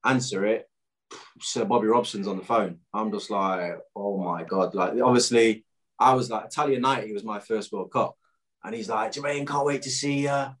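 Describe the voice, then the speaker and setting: A man's voice: lowish voice, moderate pace, fairly bright tone. A man, a former footballer telling a story in a casual interview, full of fillers and quoted dialogue.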